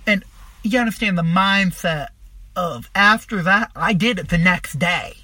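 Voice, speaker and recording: A young man tells a profane, meandering story, getting animated as he goes. His voice sits high and slightly husky. The sound is dry and close, with no room echo. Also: a little slow. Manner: profane, rambling, animated retelling. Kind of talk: casual storytelling monologue.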